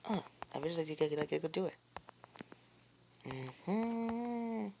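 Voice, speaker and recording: A woman's voice: deep voice, steady tone, quick pace, gravelly, a little mellow. A woman giving live commentary while playing a game, rambling and jumpy, with many fillers and repeated words. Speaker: gamer.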